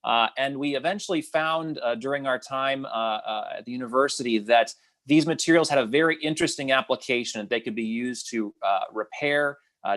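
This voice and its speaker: A startup founder tells his story on a video call panel, hesitating often with filler words. He has a man's ordinary middle pitch. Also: fairly bright tone.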